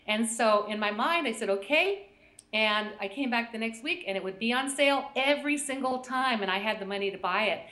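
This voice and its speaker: She's a middle-aged woman from the United States guesting on a call-in show as an intuition teacher, chatting casually, telling stories, and laughing a lot. Her voice is a little high, animated, bright and forceful, at a fairly quick pace. The room she's recorded in is echoey.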